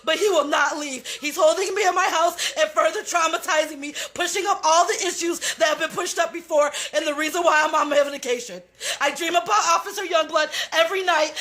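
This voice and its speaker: A woman's voice: high-pitched, a bit bright. A woman recording on her phone in her house, crying and shaking as she pleads frantically and repeats herself. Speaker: homeowner filming a police visit. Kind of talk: distressed confrontation. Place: inside a house. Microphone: phone camera held by her.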